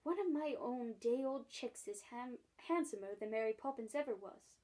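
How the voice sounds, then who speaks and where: Lady doing a loud cocky starling bird, storybook voice, jeers at everyone. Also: fairly high pitch, animated, moderate pace. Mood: confiding. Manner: jeering, brash, rough-spoken. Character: cheeky bossy male starling bird.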